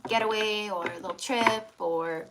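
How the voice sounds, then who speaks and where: A woman's voice: medium pitch, normal speed, heavy background noise. A woman reading tarot on a live stream, chatty and affectionate, calling her viewers love and hon. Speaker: tarot reader.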